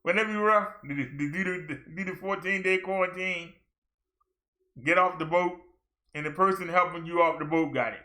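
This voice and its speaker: A male minister chatting casually on a livestream, joking freely between updates. His voice sits fairly high with a bright, forward ring. He lifts with excitement whenever the news turns good. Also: moderate pace. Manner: chatty, jokey, excited when reading numbers.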